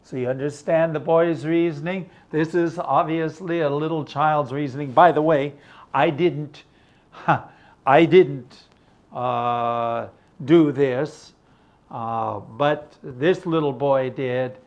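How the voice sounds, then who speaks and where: Brief: older man, slow patient English teacher, slightly high voice, dull lo-fi recording. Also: fairly even intonation, a little mellow. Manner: slow, patient, explains words, checks with "okay?". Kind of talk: bilingual English lesson.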